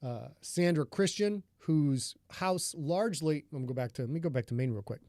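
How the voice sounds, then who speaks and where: A man's voice: on the high side, lively intonation, normal speed, mellow. A man from northern Michigan, an author hosting a live stream, talking in a rambling, chatty way and greeting viewers in the chat.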